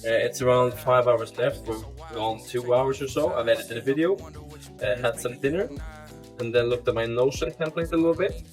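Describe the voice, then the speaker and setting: A man in his twenties, an entrepreneur vlogger, narrates a casual vlog, rambling with fillers and restarts. He speaks at a medium pitch and normal speed with faint music behind him.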